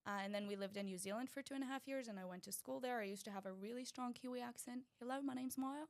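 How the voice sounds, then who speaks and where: A woman's voice: medium pitch, rapid-fire. Woman, young adult, Israeli, Hebrew native, American-tinged English accent, casual interview chat, laughing often, mid-range voice. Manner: chatty, laughs often, drops Hebrew words. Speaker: guest.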